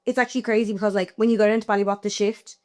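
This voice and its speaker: Dublin woman podcast host, chatty and animated, says like a lot. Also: mid-range voice, very fast. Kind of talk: casual chat.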